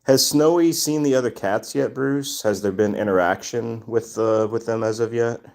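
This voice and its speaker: A man's voice: medium pitch, normal speed, a little mellow. A man hosting a casual livestream, greeting viewers by name and answering chat questions. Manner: reads chat names aloud and greets viewers. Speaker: livestream host.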